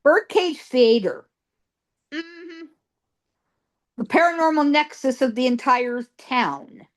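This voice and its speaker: A woman's voice: high voice, expressive, slow pace. A woman guest psychic telling ghost stories in an interview, emphatic, piling up repeated words for stress.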